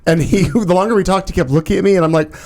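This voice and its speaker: A co-host from Missouri in casual chat, animated and often laughing. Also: medium pitch, very fast. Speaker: show co-host.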